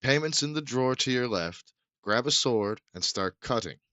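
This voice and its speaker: A man's voice: mid-range voice, lively intonation, moderate pace, sharp tone, dry recording, highs cut off, voice pushed up. A man doing a barking quartermaster. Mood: urgent.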